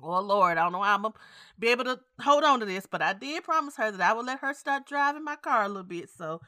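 A woman co-hosting a podcast in casual chat, animated and emotional, laughing often. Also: fairly high pitch, fast, no room sound, clean studio sound. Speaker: podcast co-host.

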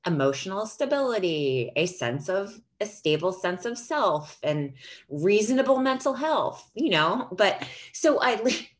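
Animated, laughing woman telling stories. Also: medium pitch, unhurried. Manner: animated storytelling, swearing, laughing often. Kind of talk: casual chat.

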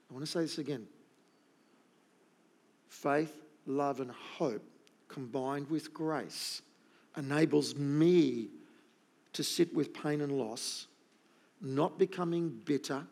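A man's voice: medium pitch, darkish tone. A middle-aged man preaching a sermon, emphatic and repeating his key points. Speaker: pastor.

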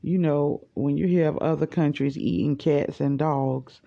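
Forties, slow rambling monologue, dull lo-fi voice message, gravelly tone. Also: medium pitch, fairly even intonation, dark tone. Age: 40s. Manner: slow, unhurried, thinking aloud. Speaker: podcaster. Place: at work.

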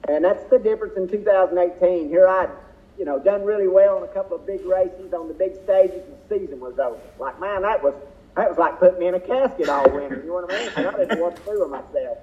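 A man, a drag racer, telling racing stories in a folksy, rambling way as an interview guest. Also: high-pitched. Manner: folksy, drawn-out storytelling with fillers. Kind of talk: casual storytelling interview. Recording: tinny phone-like line.

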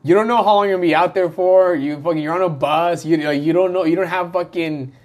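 A man's voice: fairly high pitch, fairly even intonation, fast talker. A man in his thirties telling a rambling, profane story in casual chat, acting out the voices of friends. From Southern California. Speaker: guest storyteller.

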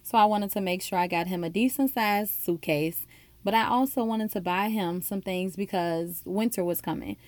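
A woman's voice: medium pitch, normal speed, dry recording. A woman telling a personal faith story in an earnest, heartfelt way. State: emotional, near tears.

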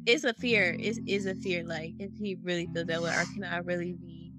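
A woman's voice: fairly low pitch, fairly even intonation, brisk. A woman co-hosting a podcast, talking earnestly and passionately in casual chat about her own experiences. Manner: earnest and self-reflective, gets passionate. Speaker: podcast co-host. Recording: guitar music playing behind.

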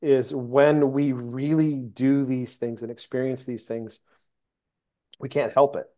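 A man's voice: medium pitch, fairly even intonation, takes it slowly, dark tone. Male guest on a faith chat, earnest, often restarts mid-sentence. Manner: earnest, searching for words, with many restarts. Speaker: podcast guest. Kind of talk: casual faith conversation.

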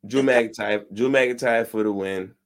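A man's voice: fairly low pitch, a little slow. Blunt, profane man on a podcast. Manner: blunt, profane, slangy trash talk. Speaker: podcast co-host. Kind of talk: casual wrestling podcast chat.

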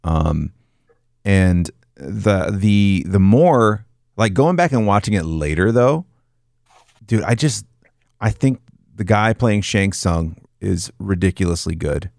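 A man's voice: sits low, expressive, slow pace, creaky, darkish tone, no echo, clean studio sound. A man chatting casually about a movie as a podcast co-host, rambling loosely and swearing freely.

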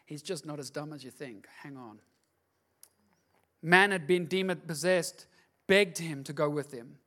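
A man preaching a sermon as a pastor, swinging from hushed asides to loud, driving repetition. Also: fairly high pitch, a little slow. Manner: repeats words for emphasis.

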